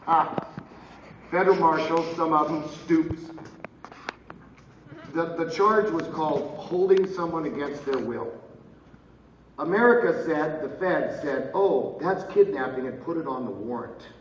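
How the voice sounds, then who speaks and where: A middle-aged man telling a personal story to an audience, lively and loud, acting out what others said. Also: fairly high pitch, measured pace, long pauses, a little hiss or hum. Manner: lively, loud bursts and laughs, slips into voices of others. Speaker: speaker telling his story at a live event. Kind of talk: animated storytelling with acted-out quotes. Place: large casino hall. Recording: roomy, distant, dull audio with ambience.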